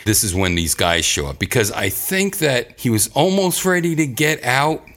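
A man's voice: mid-range voice, big pitch swings, normal speed, fairly bright tone. A man hosting a casual chat, rambling and profane, often laughing as he recaps a story.

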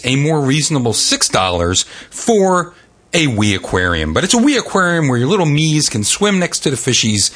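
A man's voice: mid-range voice, bright, forceful tone. Sarcastic male game podcast host. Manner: wry, sarcastic, quick asides. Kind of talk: video game news commentary.

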